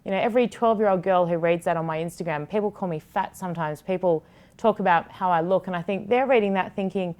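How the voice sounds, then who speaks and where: A woman who hosts a TV sports show talks frankly and with feeling in a podcast conversation, swearing freely now and then. Her voice is fairly low and darkish, and she speaks at a quick pace.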